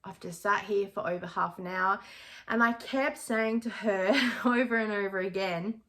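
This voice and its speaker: A woman in her forties with an Australian accent, telling stories to her vlog audience in an animated, confiding way and laughing often. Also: mid-range voice, moderate pace. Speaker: YouTuber. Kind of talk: casual storytelling vlog.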